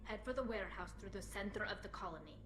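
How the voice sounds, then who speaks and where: An actress gives voice to a commanding female squad leader with a firm, clipped way of giving orders. Her pitch sits in an ordinary middle range. She is heard as game audio with ambient noise running under her. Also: lively intonation, fast, reverberant, natural voice. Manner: curt, issuing firm orders.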